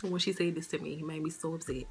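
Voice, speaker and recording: A woman's voice: sits low, quick pace. Chatty woman telling a storytime. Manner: animated, chatty, talks straight to her viewers. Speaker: vlogger. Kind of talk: casual storytime vlog.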